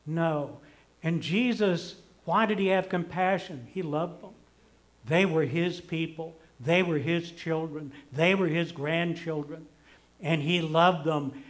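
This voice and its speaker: An older man preaching a conversational sermon, homey and self-deprecating, swinging between emphatic lines and hushed ones. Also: on the high side, a little slow. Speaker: pastor.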